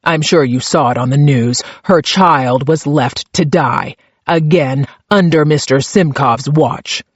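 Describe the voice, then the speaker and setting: A man voicing a calm, pleasant senior female police investigator who speaks in a measured, quietly pointed way. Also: fairly high pitch, no room sound, highs cut off.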